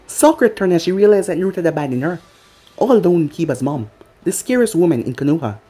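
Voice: mid-range voice, fast talker, breathy edge, faint music behind. A storyteller reading a fan-made anime story aloud, acting out each character. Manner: animated, acts out the characters. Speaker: channel storyteller.

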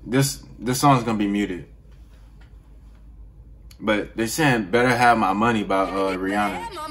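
A man's voice: on the low side, unhurried, fairly bright tone. A man hosting a reaction video, talking in a laid-back, chatty way with frequent laughs and yawns. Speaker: reaction channel host. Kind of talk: casual reaction commentary. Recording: clear music behind the voice. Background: music playing from the reacted video.

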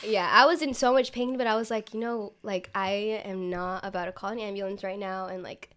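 A woman co-hosting a podcast, telling a story in relaxed casual chat, filling her speech with "like" and quoting herself. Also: mid-range voice, brisk, clean tone. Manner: relaxed storytelling, filler-heavy, quotes herself. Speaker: podcast co-host.

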